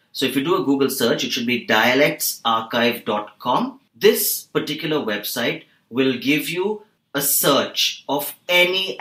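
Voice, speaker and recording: A man explaining on a learning podcast, measured and instructive, slowing down to stress key words. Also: mid-range voice, bright, forceful tone, roomy sound, rough recording. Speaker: English teacher on podcast.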